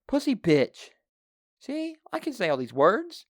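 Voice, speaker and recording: A man hosting a podcast, going on a profane solo rant with a handheld microphone and jumping into loud, high-pitched outbursts. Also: huge pitch swings, a little slow, dry recording, clean studio sound. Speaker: podcast co-host.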